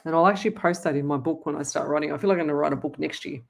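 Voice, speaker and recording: A woman's voice: low voice, rapid-fire, creaky. An Australian woman hosting a live psychic stream, chatting to viewers in a rambling, affectionate way. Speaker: psychic medium host. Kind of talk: casual live-stream chat.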